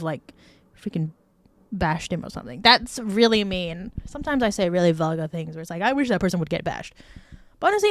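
A woman hosting a podcast on her own, telling stories in a casual chat with lots of "like" fillers and indignant, animated outbursts. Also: lowish voice, no echo. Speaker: podcast host.

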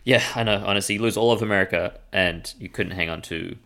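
A man co-hosting a podcast in casual comedic chat, with a dry, deadpan way of joking. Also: low voice, quick pace, creaky. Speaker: podcast co-host.

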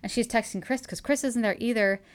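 A woman's voice: on the high side, brisk. A woman hosting a podcast in casual chat, eagerly retelling a book's plot, gushing and laughing often. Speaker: podcast host recapping a book.

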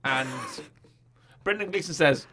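A man's voice: mid-range voice, lively intonation, brisk, fairly bright tone, a little hiss or hum. Gender: man. Style: chatty film podcast. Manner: chatty, joking, retells scenes with impressions. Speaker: podcast co-host. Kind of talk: casual film review chat.

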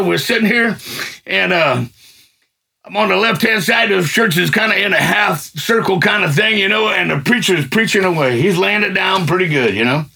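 A middle-aged man telling a personal faith testimony in colloquial, excitable storytelling that swells into fervent near-shouting. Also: high voice, gravelly, breathy edge. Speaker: guest giving a testimony.

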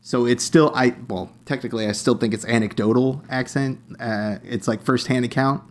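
A man's voice: medium pitch, steady tone, normal speed. A young man co-hosting a casual podcast, retelling a story with many fillers and restarts. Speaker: podcast co-host. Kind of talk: casual chat.

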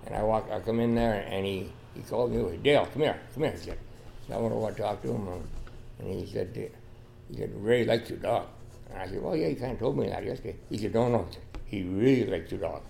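A man's voice: on the low side, quick pace, gravelly, warm tone, a little hiss or hum. An older man, a podcast guest, telling a long, rambling story in a folksy way. He restarts often and keeps saying "you know.". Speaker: podcast guest, dog trialer. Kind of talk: casual storytelling interview.

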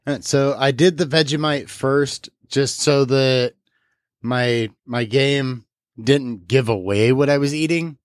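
A man's voice: mid-range voice, slow, no room sound, studio quality. A man hosting a podcast, casually explaining a word-guessing game with easygoing fillers. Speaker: podcast host running a game. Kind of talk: casual chat.

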